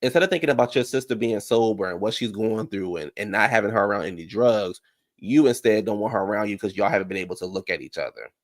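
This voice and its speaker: A man's voice: fairly low pitch, fast. A man giving a casual, blunt recap of a reality TV episode, chatty and full of asides. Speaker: reality TV commentator.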